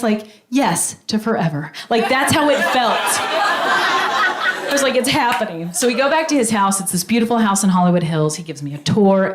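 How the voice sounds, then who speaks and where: A woman telling a stand-up story on stage, animated and squealing at the big moments. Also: reverberant, very noisy. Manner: animated, acts out voices, high squeals at punchlines. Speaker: stand-up comedian. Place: comedy stage with a live audience.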